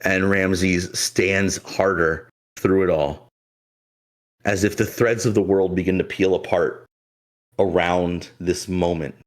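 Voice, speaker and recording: A man's voice: deep voice, fairly even intonation, takes it slowly. A man narrating a tabletop game as game master, in dramatic, descriptive fashion with some fillers.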